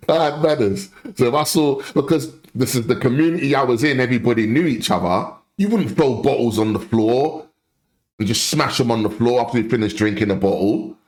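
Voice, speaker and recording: Blunt impassioned man ranting. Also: medium pitch. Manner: blunt, impassioned, repeats points for emphasis. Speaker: commentary host. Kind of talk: opinion rant reacting to a clip.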